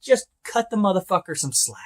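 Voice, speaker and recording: A man, a truck driver, ranting with sarcasm and heavy swearing about trucking companies, often bursting into shouts. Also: sits high, expressive, brisk. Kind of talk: angry ranting vlog.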